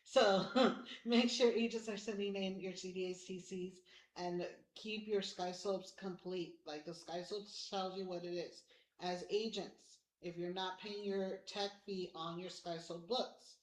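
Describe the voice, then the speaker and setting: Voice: medium pitch, steady tone, measured pace. A staff member explaining office paperwork at a meeting in a run-on, step-by-step way. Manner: explanatory, run-on, talks through the process. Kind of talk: casual office meeting talk. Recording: echoey meeting room.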